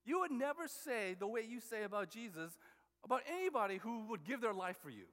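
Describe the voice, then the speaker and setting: A man's voice: sits high, very animated, fairly quick, a bit bright. A man preaching a sermon as a pastor, conversational and full of restarts and repeated words. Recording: long hall reverb.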